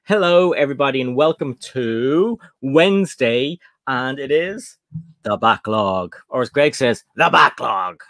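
A man's voice: mid-range voice, lively intonation, measured pace, no room sound. A man hosting a casual live stream, greeting viewers by name with plenty of ums and uhs. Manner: chatty, reads out chat names with fillers. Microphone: desk setup, computer far away.

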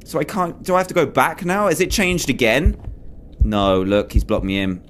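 A man's voice: medium pitch, normal speed, slight background noise. A young man hosting a horror game playthrough, jumpy and exclaiming as he talks to himself and his viewers. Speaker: gaming video host. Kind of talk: let's play commentary.

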